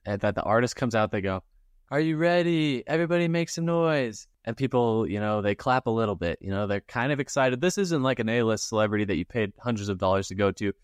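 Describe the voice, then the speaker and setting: A man with a lowish voice co-hosts a podcast in casual chat. He rants with exasperation and drops into mimicked hype-man lines. The sound is dry and close. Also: quick pace, hardly any pauses, no room sound. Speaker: podcast co-host.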